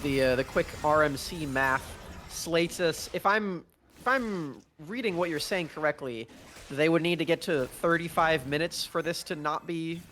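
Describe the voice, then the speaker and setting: A man in a somewhat high voice breaks down the match as color caster, chatty and loose, stopping to hunt for words. A faint hiss of noise sits under his voice. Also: a little slow, a bit bright. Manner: chatty, laughing, fumbling for words. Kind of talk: analytical color commentary.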